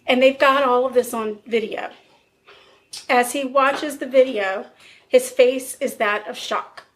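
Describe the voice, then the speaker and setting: A woman's voice: high voice, measured pace, a little hiss or hum. A woman co-hosting a podcast, telling a true-crime story in a casual way and acting out the quoted dialogue. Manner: lively retelling with quoted dialogue.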